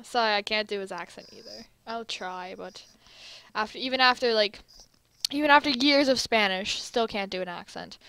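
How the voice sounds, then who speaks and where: A young woman playing a game and reading its lines aloud, giggly and excitable. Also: medium pitch, moderate pace, gravelly, clean tone. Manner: giggly and excitable, reads all characters. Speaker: let's play gamer.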